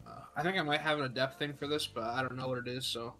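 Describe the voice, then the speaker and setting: A man's voice: medium pitch, fairly even intonation, quick pace, pushed and bright, soft background music. Hesitant young male tabletop player. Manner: hesitant, self-deprecating, swears casually. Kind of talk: playing a tabletop game online.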